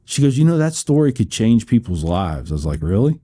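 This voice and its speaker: Low mellow-voiced American man telling stories. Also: sing-song, fairly quick. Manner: rambling, laughs often, restarts phrases. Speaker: podcast guest. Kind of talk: storytelling interview.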